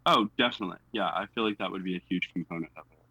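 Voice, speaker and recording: A young man from the United States rambles cheerfully through an interview answer, his slightly low voice edged with brightness. He hedges with fillers and laughs at himself. The sound is close and dry. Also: racing, husky, no room sound, highs cut off. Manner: chatty, self-deprecating, many fillers. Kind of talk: casual conversational interview.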